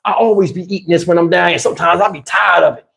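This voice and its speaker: A man's voice: high voice, racing, creaky, fairly bright tone. A middle-aged man telling a story in casual chat and acting out the other people's voices. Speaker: storyteller host.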